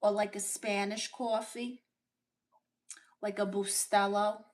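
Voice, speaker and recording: With a Brooklyn accent, a woman plays a brash, opinionated Latina aunt on a comedy livestream, reading viewer comments and firing back blunt, sassy replies. Her mid-range voice stays level and unhurried, and the acting is light.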